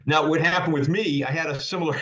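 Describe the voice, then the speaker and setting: A man's voice: a little high, fast talker, fairly bright tone, roomy sound. A man telling a story as a podcast guest, stammering and repeating words. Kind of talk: casual storytelling. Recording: dull lo-fi recording.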